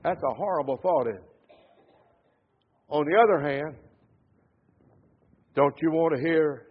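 A man delivers an emphatic sermon in a high-pitched, husky voice. He presses hard on key words and lets his endings sink low and quiet. The sound is thin and tinny, as if heard over a phone line. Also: measured pace. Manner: emphatic preaching that swings between loud stresses and low trailing endings. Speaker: preacher.

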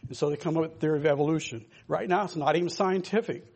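Older male pastor, husky gravelly voice, a bit high, rambling emphatic sermon. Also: very fast, a little mellow. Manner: rambling, emphatic preaching with asides to listeners. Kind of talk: informal sermon.

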